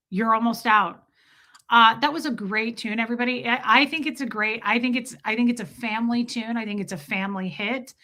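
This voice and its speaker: A middle-aged woman hosting a casual livestream, her voice hoarse and worn, making sardonic, profane asides. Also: a little high, sharp tone. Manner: sardonic, profane, slow drawn-out singing between quick asides. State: hoarse, voice worn from a long call. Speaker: livestream host. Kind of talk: casual livestream chat with mock singing.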